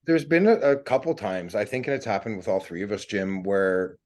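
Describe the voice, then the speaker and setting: A man, a paranormal investigator, recounting an experience in casual talk, animated and tripping over his words. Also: fairly low pitch, normal speed. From Canada. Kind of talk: casual conversational interview.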